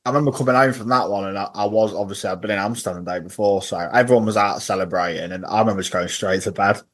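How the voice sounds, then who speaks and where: A man's voice: on the low side, rapid-fire, fairly bright tone. A man in casual podcast chat, telling funny stories as a football-fan guest and laughing at his own tales. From England.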